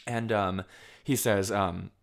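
A man from Vermont talking casually about a film, animated, with lots of filler words. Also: on the low side, takes it slowly, vocal fry. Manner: animated, many fillers, acts out quoted lines.

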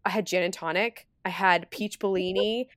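A young woman co-hosting a casual wedding-advice chat, telling stories in an animated, chatty way with acted-out quotes. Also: mid-range voice, normal speed, dry recording, clean studio sound. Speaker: podcast co-host, wedding planner.

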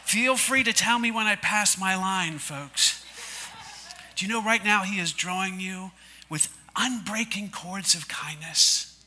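A male pastor preaching in a church sanctuary, his voice pitched unusually high for a man and strikingly bright. He is emphatic and repetitive, and often has the congregation repeat lines back to him. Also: a little slow. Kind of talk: sermon.

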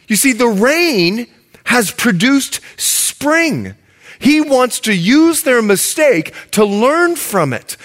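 A man preaching a sermon in an animated way, talking straight to his congregation and slowing down softly for scripture. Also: very high voice. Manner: animated, reads scripture slowly and softly, addresses the congregation directly.

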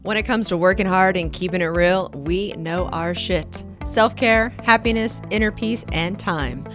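A woman co-hosting a podcast in casual chat, talking very fast and laughing often. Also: lowish voice, soft background music. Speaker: podcast co-host.

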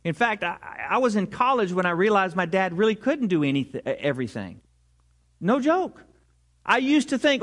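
A man preaching a sermon in a conversational way, often restarting his sentences and sometimes dropping suddenly to a quiet voice. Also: sits high, very animated, moderate pace. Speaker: pastor. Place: church sanctuary.

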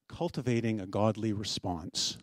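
A middle-aged man preaching a sermon as pastor, telling stories in a conversational way with gentle humor. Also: fairly low pitch, normal speed, no echo, clean studio sound.

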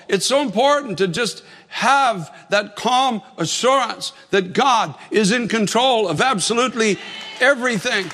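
A man's voice: high voice, a little slow, pushed and bright, long reverb tail. A man preaching a sermon as pastor, telling stories earnestly and repeating phrases for emphasis.

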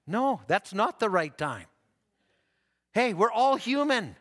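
A man's voice: sits high, sing-song, takes it slowly, big-room sound. A man preaching a folksy sermon, repeating himself and laughing at his own stories.

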